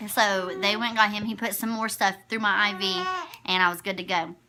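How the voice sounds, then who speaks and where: A woman's voice: medium pitch, level tone, fairly quick, background noise. A young woman in her twenties, a new mother, telling her story to the camera in a chatty, rambling way, often correcting herself.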